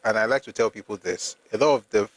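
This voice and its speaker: A man's voice: on the low side, quick pace. A Nigerian man hosting a live stream, reading from history books and arguing pointedly with commenters. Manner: argumentative with commenters, rising to emphatic at times. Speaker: host reading and discussing history with live viewers. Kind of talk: casual live-stream talk with read-aloud passages.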